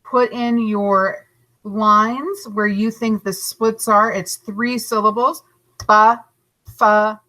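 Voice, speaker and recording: Bright teacher lady doing a recorded lesson for kids, patient, drags words out slow to break syllables. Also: fairly high pitch, steady tone, poor audio. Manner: slow, overarticulated syllables and spelling; encouraging, patient teacher talk. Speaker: third grade teacher.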